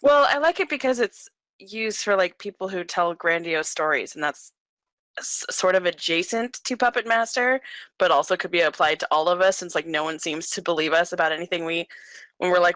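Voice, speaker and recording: Player, bright forceful voice, playful and rambling, dry close sound. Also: medium pitch, brisk, no echo, poor audio. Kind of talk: casual chat around a game.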